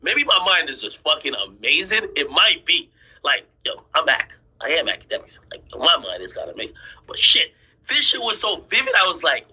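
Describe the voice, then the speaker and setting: Male streamer, bright, edgy husky tone, casual swearing storyteller. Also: on the high side, poor audio. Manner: insistent, repeats himself, swears freely; draws on screen while explaining. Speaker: streamer and commentator.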